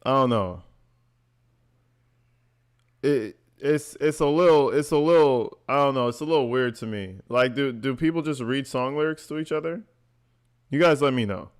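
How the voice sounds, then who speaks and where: A man's voice: mid-range voice, moderate pace, pauses often, clean tone. A man giving blunt, profane reaction commentary, mocking what he hears and laughing often. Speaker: online commentator reacting to recordings.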